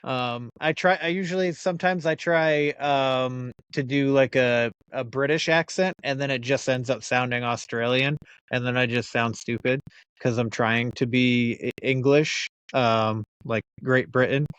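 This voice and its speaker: A man's voice: mid-range voice, fairly even intonation, measured pace, fairly bright tone, clean tone, no echo. A man from the United States hosting a podcast, chatting casually with laughs and the odd swear word. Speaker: podcast host.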